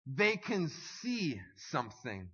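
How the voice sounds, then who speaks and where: A man preaching a sermon as pastor, swinging from hushed, slow lines to loud, stirring calls. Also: on the high side, huge pitch swings, breathy edge. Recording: dull audio with long hall reverb.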